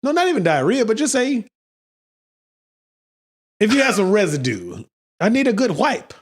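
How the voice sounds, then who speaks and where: A man's voice: huge pitch swings, normal speed, slightly rough. A man co-hosting a casual podcast, teasing his partner and laughing easily. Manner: teasing, laughs easily, swings wide in pitch. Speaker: podcast co-host. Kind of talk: casual chat.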